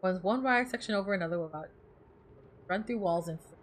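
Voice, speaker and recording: A woman's voice: mid-range voice, brisk, slight background noise. A woman streamer chatting casually while she plays, reading game text aloud and laughing easily. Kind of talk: casual gameplay commentary.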